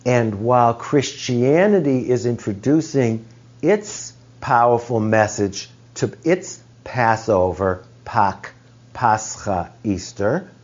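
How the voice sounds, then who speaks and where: A man leads a study group, talking slowly and reflectively and pausing to find his words. The recording is dull and lo-fi. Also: mid-range voice, animated, darkish tone. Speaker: teacher leading a study group. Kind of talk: explanatory group teaching.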